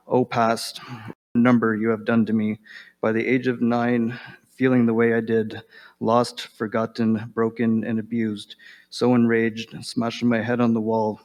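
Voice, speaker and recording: A man reading his own personal letter aloud, slow and measured, pausing often and clearing his throat. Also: medium pitch, completely flat delivery, a little mellow, long reverb tail, highs cut off.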